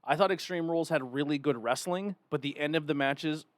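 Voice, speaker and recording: A man's voice: fairly high pitch, brisk, dry recording, studio quality. A man hosting a casual podcast, chatting loosely and running through plugs and the show rundown. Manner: plugs links and steers the rundown, relaxed and chatty. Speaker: podcast host.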